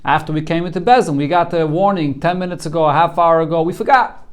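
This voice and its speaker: A man's voice: on the high side, fast, clear, resonant tone. A man, a rabbi, teaching a Talmud class, walking students through the text line by line in an earnest way, often repeating a word as he starts a thought.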